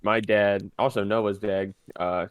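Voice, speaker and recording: A man's voice: fairly low pitch, fairly even intonation, takes it slowly. A young man co-hosting a podcast in casual chat, speaking hesitantly with many fillers. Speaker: podcast co-host.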